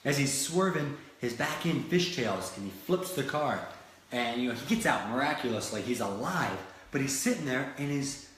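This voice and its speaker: A man's voice: mid-range voice, lively intonation, normal speed, fairly bright tone, a little hiss or hum. A man from Florida giving a motivational talk, telling stories animatedly with many restarts. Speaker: motivational speaker. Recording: very echoey room.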